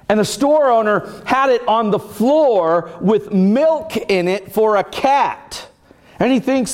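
A male pastor with a high-pitched, darkish voice delivers a sermon built around stories. He puts on voices for the characters and uses dramatic pauses.

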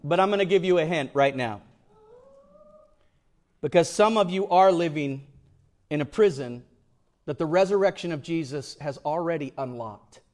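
Man preaching with swings from loud to hushed. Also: fairly high pitch, normal speed, long pauses. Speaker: pastor. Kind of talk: sermon.

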